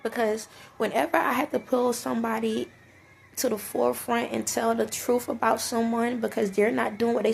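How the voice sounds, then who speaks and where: A woman speaking earnestly in a personal vlog, tearful and halting. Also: a little high, creaky. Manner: tearful, earnest, faith-filled, halting with restarts. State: teary, sniffly. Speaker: vlogger. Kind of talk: emotional personal talk to camera.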